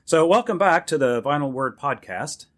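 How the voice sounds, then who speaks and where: A man's voice: a little high, expressive, moderate pace, fairly bright tone. A man co-hosting a podcast, chatting in an easygoing, agreeable way. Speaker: podcast co-host. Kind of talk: casual chat.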